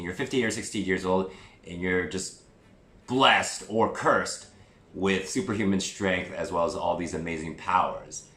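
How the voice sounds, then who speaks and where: A man's voice: deep voice, sharp tone. A man giving a chatty, digressive movie review vlog, with self-deprecating asides. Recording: roomy echo with faint music.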